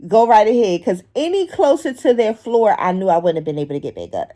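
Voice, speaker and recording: Animated storytelling woman, lively voice. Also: mid-range voice, fairly quick. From Philadelphia. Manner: animated, swears, acts out kids' voices. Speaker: vlogger. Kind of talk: casual storytelling. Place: outdoors in public.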